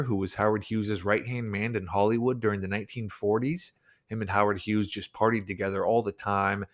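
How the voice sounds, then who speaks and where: Guy narrating a video essay, lowish voice, steady storytelling. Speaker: documentary narrator. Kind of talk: scripted narration.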